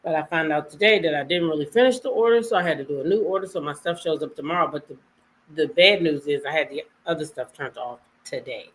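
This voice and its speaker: A woman hosting a casual live stream, greeting her viewers by name and chatting with them, her voice a little hoarse. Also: low-pitched, quick pace, slight background noise. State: voice a bit hoarse. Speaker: livestream host.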